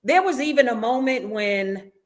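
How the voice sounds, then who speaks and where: In a relaxed interview, a woman who appeared on a reality show tells a story with animation, performing the lines others said. Her voice is on the high side, expressive, at an ordinary speed.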